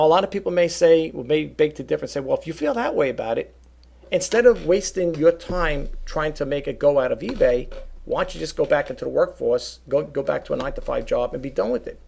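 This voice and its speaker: Gravelly middle-aged man rambling to viewers. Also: on the high side, warm tone. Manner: rambling, repeats words, talks straight to viewers. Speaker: online seller and vlogger. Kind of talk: casual talk to camera.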